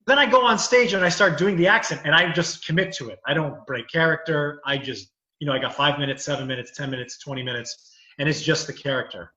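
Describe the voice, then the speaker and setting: Speaking at a quick pace in a fairly high, pushed, and bright voice, this man, a lawyer and comedian, chats casually and rambles through his stories, peppering them with "you know" and other fillers. The audio is roomy and lo-fi.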